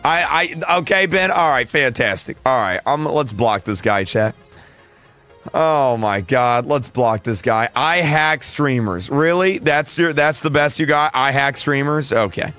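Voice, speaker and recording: A man's voice: medium pitch, expressive, unhurried, fairly bright tone, clear, resonant tone, faint music behind. A young man streaming a game, launching into a mock rant and roasting someone in chat. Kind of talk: gaming livestream chat.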